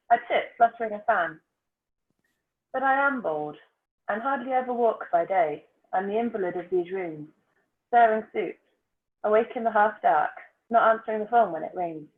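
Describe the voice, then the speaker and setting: A woman calmly reading a poem aloud on a video call. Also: mid-range voice. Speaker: reader. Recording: tinny phone-like call audio.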